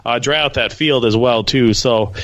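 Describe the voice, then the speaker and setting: A man's voice: medium pitch, moderate pace, fairly bright tone, poor audio. A man co-hosting a casual sports podcast, from Minnesota, loose and jokey, with a lot of uh and restarts. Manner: loose and jokey, hesitant with many uhs. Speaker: podcast co-host.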